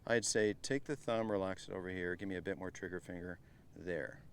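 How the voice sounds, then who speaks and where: A middle-aged man coaching a group at a live golf clinic, chatty and energetic, often turning to the group as guys. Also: deep voice, brisk, slight background noise. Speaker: golf instructor.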